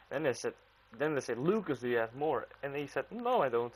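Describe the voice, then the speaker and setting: A man's voice: mid-range voice, big pitch swings, fast talker, a little hiss or hum, poor audio. A man with an Antwerp Flemish accent telling a casual storytime, rambling and packed with "like" and acted-out dialogue. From Belgium, Antwerp. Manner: rambling, full of "like" and quoted dialogue. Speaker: vlogger.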